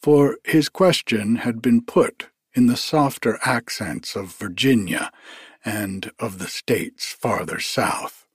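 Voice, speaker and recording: A man narrating a story in a measured, deliberate reading. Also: fairly low pitch, husky, no room sound, studio quality.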